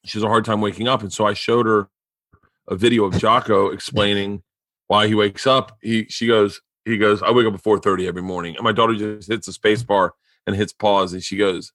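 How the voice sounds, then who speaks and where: A man's voice: lowish voice, flat delivery, normal speed, fairly bright tone, no room sound, clean studio sound. A man hosting a podcast, telling stories in casual, profane chat and laughing often. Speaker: podcast host.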